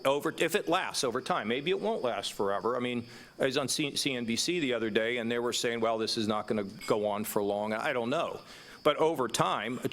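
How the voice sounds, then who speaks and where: A man's voice: mid-range voice, a bit bright. A man in his sixties speaking passionately in an onstage conversation, emphatic and stumbling over repeated words. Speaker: governor. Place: stage before a live audience.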